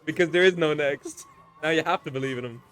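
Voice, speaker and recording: A man doing casual live commentary on a fighting game, loud and teasing, swearing freely. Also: fairly high pitch, quick pace, soft background music. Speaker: esports commentator.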